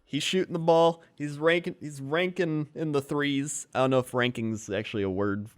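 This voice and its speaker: A young man co-hosting a comedy podcast, explaining things in a goofy, deadpan, mock-serious way. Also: a little high, normal speed, no echo. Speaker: podcast co-host. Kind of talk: casual comedy chat.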